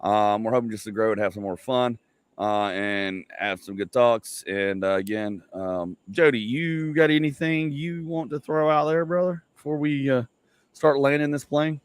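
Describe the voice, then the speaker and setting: A man's voice: mid-range voice, moderate pace, clean tone, no room sound. A middle-aged man hosting a podcast from home, talking loosely with lots of fillers and jokes. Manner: loose, rambling, joking, many fillers. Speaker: podcast host. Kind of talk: casual podcast chat.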